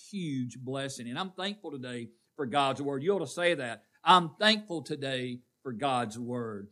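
A man's voice: on the high side, bright, forceful tone. A man preaching a call-and-response sermon in a church, quizzing the congregation. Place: church sanctuary.

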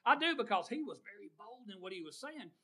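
A man preaching a sermon, drawing call-and-response from his congregation and swinging from loud to hushed. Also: high voice, very animated, quick pace, slightly rough.

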